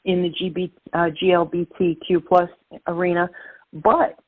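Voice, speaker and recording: A Brooklyn, New York woman with a Brooklyn accent calls into an interview as a guest, her voice on the low side. Though her delivery is flat and moderately paced, her message is emphatic and motivational, heard over a dry, tinny phone line with no echo.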